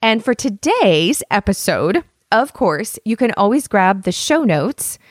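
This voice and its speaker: A woman's voice: mid-range voice, very animated, a little slow, no echo. A woman from Washington State hosting a podcast, talking in a chatty, enthusiastic way. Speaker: podcast host. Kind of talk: casual podcast talk.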